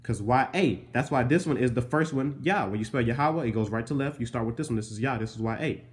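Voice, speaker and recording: Casual young man spelling out letters. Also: mid-range voice. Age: young adult. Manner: casual, keeps saying bro, spells letters out slowly. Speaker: vlogger teaching Hebrew letters. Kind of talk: casual show-and-tell explanation.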